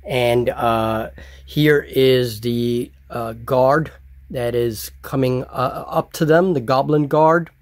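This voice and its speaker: A man narrating a solo tabletop game as game master, describing the scene slowly and deliberately. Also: medium pitch, steady tone, no echo. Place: hobby table with miniatures.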